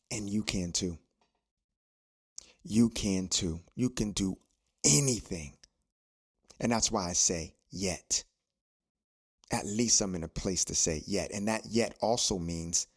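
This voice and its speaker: A man's voice: lowish voice, husky. A man hosting a podcast, speaking in a preachy, motivational way and repeating phrases for emphasis. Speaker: podcast host.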